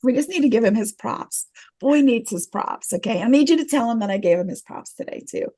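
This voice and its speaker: A woman's voice: a little high, lively intonation, brisk, warm tone, no echo, clean studio sound. A woman hosting a casual conversation, encouraging and upbeat, with lots of fillers. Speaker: host.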